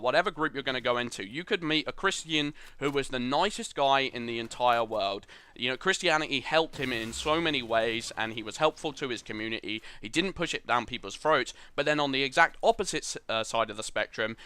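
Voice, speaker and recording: A man's voice: mid-range voice, pushed and bright. A young man giving earnest, rambling voice-over commentary over gameplay, opinionated and full of fillers. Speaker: gaming channel host.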